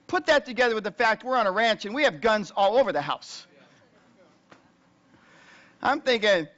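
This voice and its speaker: A male pastor with a notably high voice delivers a sermon as a story told to his congregation. He talks plainly and conversationally, then climbs higher and louder in the tense parts. The recording sounds dull and lo-fi. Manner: conversational, rising loud and high when retelling tense moments.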